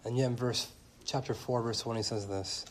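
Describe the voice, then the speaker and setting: A man in his thirties preaching a sermon as pastor, animated, speeding up and slowing down and rising to loud emphatic peaks. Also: medium pitch, slight background noise. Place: church.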